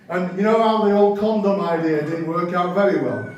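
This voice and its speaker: A man doing a stand-up comedy set, telling rambling, animated stories and correcting himself as he goes. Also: high voice, normal speed, hardly any pauses. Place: comedy club stage. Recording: very echoey room, mic at a distance.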